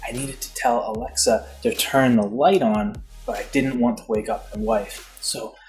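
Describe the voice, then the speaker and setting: A man's voice: mid-range voice, fairly even intonation, normal speed, a little mellow, soft background music. A man vlogging, telling a casual comic story in a rambling, self-mocking, exasperated way.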